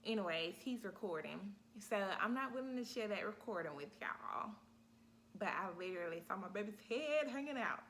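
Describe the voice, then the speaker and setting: Woman, casual storytelling, animated, talks right to viewers, medium pitch, faint background noise. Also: moderate pace. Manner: animated, talks straight to viewers, acts out her own cries. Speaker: vlogger telling her birth story.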